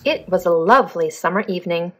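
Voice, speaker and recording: A woman's voice: on the low side, fast, fairly bright tone, husky, faint music behind. A young adult woman, a preschool teacher, reading a picture book aloud expressively and asking young children questions.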